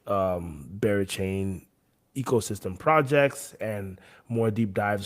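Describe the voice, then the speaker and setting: Co-host, male, lowish voice, relaxed and thoughtful, on a video call. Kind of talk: casual chat on a video call.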